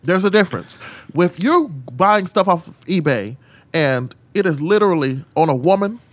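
A man who is a drag queen, talking frankly and sassily on a podcast and telling animated stories. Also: moderate pace, dry recording. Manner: animated storyteller, swings into high mimicking voices and whispers; sassy, frank, swears freely. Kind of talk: casual podcast chat.

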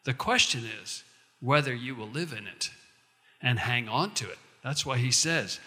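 A male pastor preaching a sermon in a conversational way, slowing down to recite verses and lines. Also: medium pitch, lively intonation, sharp tone, long reverb tail.

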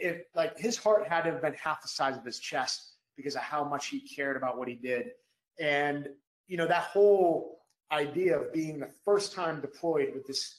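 Emphatic former Navy SEAL, roomy sound. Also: male voice, a little high. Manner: emphatic, energetic, repeats phrases for punch. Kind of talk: storytelling in a live podcast interview. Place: podcast studio at a live event.

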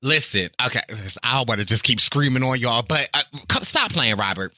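A man with a Southern accent, a podcast guest in lively casual chat, theatrical and quick to laugh. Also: mid-range voice, no echo.

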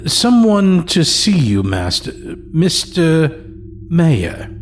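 A man's voice: fairly high pitch, big pitch swings, slow, faint music behind, pitched above the performer's own voice. A man voicing a hunched, deferential old male servant who speaks formally and hesitantly, in a raised voice.

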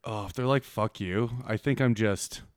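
A man's voice: lowish voice, normal speed, smooth, no room sound, studio quality. A young man in casual chat, chiming in with jokes and swearing. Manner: joking interjections, swears, animated delivery.

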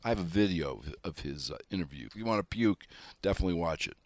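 A man hosting opinionated news commentary, sarcastic and animated, talking straight to his listeners. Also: low voice, fast talker, no room sound. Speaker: political commentary host.

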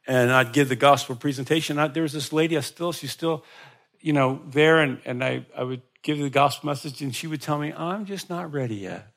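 A man's voice: steady tone, fairly quick, a bit bright. A man preaching a sermon, emphatic, with frequent restarts and repeated words. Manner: emphatic, rising in pitch and volume for emphasis. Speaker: pastor.

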